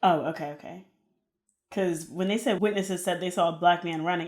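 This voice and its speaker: A woman co-hosting a podcast in casual chat, reacting in a relaxed way and reading comments aloud. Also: lowish voice, normal speed. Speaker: podcast co-host.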